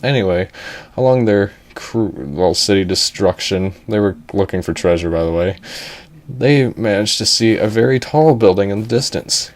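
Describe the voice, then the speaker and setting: A young man narrating a comedic animated story in a rambling, jokey way, interrupting himself with asides. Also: lowish voice, normal speed.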